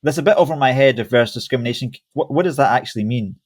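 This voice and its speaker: A man's voice: medium pitch, fast, slightly rough. A man hosting a podcast interview over a call, casual and hesitant, often restarting his sentences. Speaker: podcast host. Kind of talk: conversational interview. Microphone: video call.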